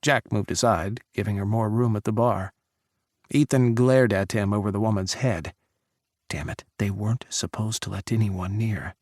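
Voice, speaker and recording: A man narrating an audiobook in measured, dramatic storytelling. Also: lowish voice, a little mellow, dry recording, clean studio sound. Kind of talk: scripted narration.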